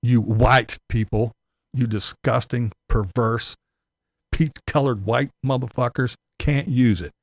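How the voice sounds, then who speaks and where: A man's voice: mid-range voice, steady tone, slow, dry recording. Ranting male vlog commentator, sarcastic and profane, breaks into laughter, dry close sound.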